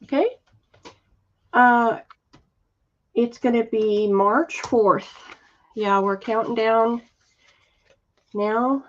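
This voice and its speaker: Lady hosting a live craft sale, slow and soft, kinda high voice, muffled lo-fi audio. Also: steady tone. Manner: chatty, warm-hearted, reads viewer comments aloud; slow, soft-spoken, with frequent fillers. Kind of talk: casual live selling chat. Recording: dull lo-fi livestream audio.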